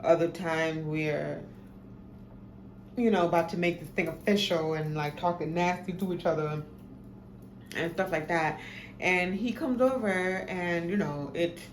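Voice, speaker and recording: A woman's voice: on the low side, a little slow. A young adult woman, animatedly telling a profane personal story in a casual storytime. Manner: animated, profane, dramatic retelling. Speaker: storytime vlogger. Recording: echoey room, faint background noise.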